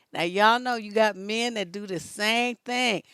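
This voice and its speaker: A woman relationship coach hosting a casual live stream, telling stories in an animated way and laughing often. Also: mid-range voice, smooth, dry recording. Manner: animated storytelling, laughs often, rises to loud peaks.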